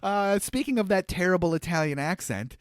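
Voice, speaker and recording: A man's voice: sits high, animated, a little fast, clean tone. A man in his thirties co-hosting a podcast, retelling a movie's plot in casual chat with frequent laughter and asides. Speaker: podcast co-host.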